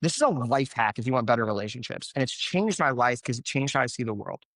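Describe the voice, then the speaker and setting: A man's voice: mid-range voice, expressive, fast, a bit bright, no echo. A man, a coach, speaking as a podcast guest, telling stories and giving life advice in an earnest, motivational way. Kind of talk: conversational podcast interview.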